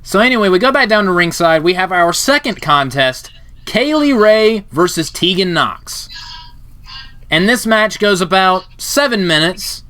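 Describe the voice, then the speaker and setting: A man hosting a podcast, casually narrating a wrestling game with jokes and loud laughs. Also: high-pitched, unhurried. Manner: animated, jokey, laughs loudly.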